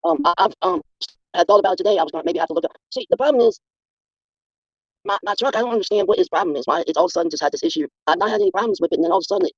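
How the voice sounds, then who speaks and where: A middle-aged or older guest on a casual livestream, emphatic and defensive, who talks in rushes. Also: medium pitch, no echo. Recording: muffled lo-fi stream audio.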